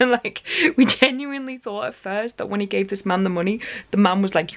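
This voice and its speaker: A woman's voice: mid-range voice, fairly quick. A woman, telling a story to camera in a chatty vlog, laughing often as she goes. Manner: chatty, animated retelling with frequent laughs. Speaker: vlogger.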